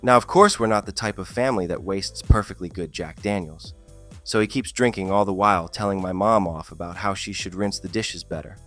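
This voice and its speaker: A man's voice: low voice, fairly quick, faint music behind. A man narrating funny stories in a scripted style, with a dry comic delivery that lifts on the punchlines. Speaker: storyteller.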